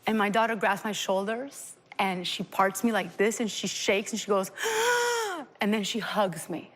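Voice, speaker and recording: A woman's voice: medium pitch, fairly even intonation, moderate pace, a bit bright, long reverb tail. A mother telling an emotional personal story as a guest on a TV talk show, earnest and close to tears. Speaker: parent guest.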